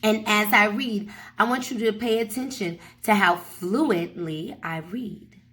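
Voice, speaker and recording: A woman teaching a first grade reading lesson in a slow, emphatic manner, often checking in with her pupils. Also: mid-range voice, a bit bright. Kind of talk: recorded classroom lesson. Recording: echoey room, mic far off.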